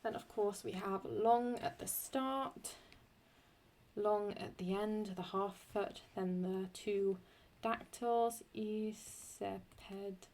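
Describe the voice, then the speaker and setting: A woman talks through a Latin meter lesson at an unhurried, slow pace. She thinks aloud, corrects herself as she goes, and draws out the Latin verses deliberately. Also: medium pitch, steady tone, a little mellow. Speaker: Latin teacher. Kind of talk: screen-recorded lesson.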